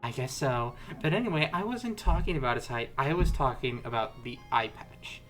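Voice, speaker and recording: Figure: wry teenage boy, read by a man. Pitch: animated. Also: normal speed, faint music behind, lightly acted. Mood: teasing. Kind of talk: casual fan read-along of a web comic.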